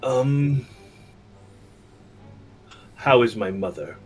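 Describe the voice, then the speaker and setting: A man playing a tabletop game, speaking hesitantly with many pauses and ums. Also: medium pitch, expressive, darkish tone, soft background music. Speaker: player.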